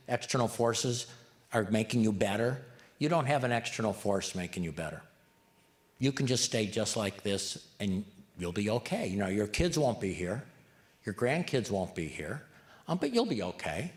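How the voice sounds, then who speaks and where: A man giving a live community talk in an animated voice that swings widely in pitch. He jokes with the crowd and keeps putting questions to them. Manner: lively, joking, asks the audience questions. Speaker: community speaker.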